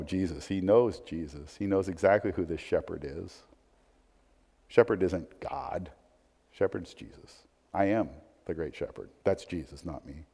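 A man preaching a sermon, swinging between emphatic points and hushed, conversational asides. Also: deep voice, breathy edge. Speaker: pastor. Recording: long hall reverb.

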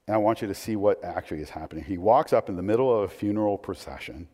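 A man preaching a sermon in a conversational, animated way, with asides and questions to the listeners. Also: on the low side, fast. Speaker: pastor. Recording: long hall reverb.

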